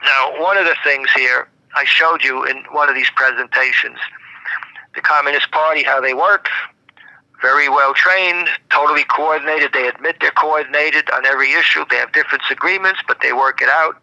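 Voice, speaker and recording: A man rambles through an indignant political monologue on a live show. His voice is gravelly with a hard, bright edge, and he keeps repeating and restarting phrases. The sound is dull and lo-fi, with no room echo. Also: a little high, steady tone, moderate pace. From Brooklyn, New York.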